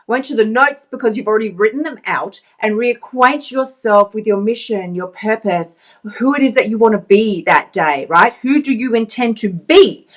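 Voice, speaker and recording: A woman with a fairly high voice gives a motivational pep talk straight to camera. She talks in a chatty, emphatic way and laughs often. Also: fairly bright tone. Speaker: vlogger and life coach.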